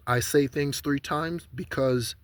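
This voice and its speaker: A man talks through spiritual messages and card readings in a loose, rambling way, often checking in with "okay?" and slowing down to repeat mantras. His voice sits at an ordinary middle pitch, and the recording is dry and close, with no room sound. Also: fairly even intonation, no room sound. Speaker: spiritual channeler. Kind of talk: casual spiritual guidance monologue.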